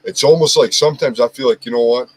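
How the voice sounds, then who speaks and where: A man with a deep voice hosting a casual chat, talking earnestly and candidly with many restarts. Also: fast, low-quality recording. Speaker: host.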